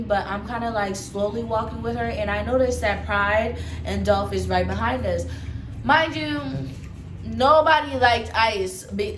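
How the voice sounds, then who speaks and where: Young woman spilling a story, swears a lot, kinda high voice, roomy echo with a bit of hiss. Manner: profane, animated, chatty storytelling. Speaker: vlogger telling a personal story. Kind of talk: casual storytime. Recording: echoey room with faint background noise.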